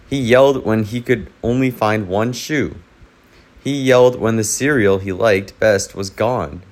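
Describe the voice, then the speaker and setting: A man reading a children's picture book aloud in a calm, measured storytelling manner. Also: on the low side. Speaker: narrator.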